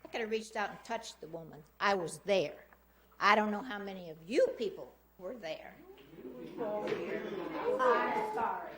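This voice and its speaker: A woman's voice: mid-range voice, brisk, a crowd in the background. A woman giving a public comment at a city council meeting, insistently recounting an incident in detail from a podium microphone.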